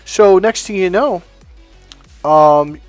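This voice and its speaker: A man's voice: sits high, takes it slowly, no echo, soft background music. A man and dating coach telling a casual anecdote in a rambling, profane way, with many restarts.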